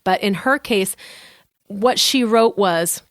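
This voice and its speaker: A woman's voice: medium pitch, slow pace, no echo. Earnest woman telling her story, dry close sound. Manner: earnest, heartfelt, repeats phrases for emphasis. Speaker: podcast co-host sharing her story. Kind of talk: personal storytelling in conversation.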